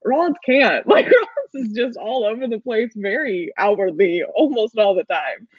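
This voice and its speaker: Lively woman podcast co-host, dry lo-fi sound. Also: a little high, slightly rough, no echo. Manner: animated and enthusiastic, quick asides with laughs. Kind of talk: casual fan recap chat. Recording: dry, dull lo-fi recording.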